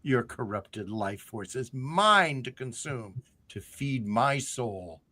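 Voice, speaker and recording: A man's voice: medium pitch, animated, takes it slowly, sharp tone, heavily acted. A man reading as a scheming undead lich queen. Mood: cold menace.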